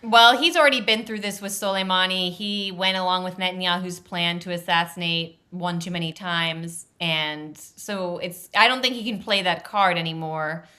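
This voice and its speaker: A woman's voice: lowish voice, moderate pace, few pauses, sharp tone. A woman journalist talking candidly as a podcast guest, wry and laughing now and then. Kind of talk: casual interview talk.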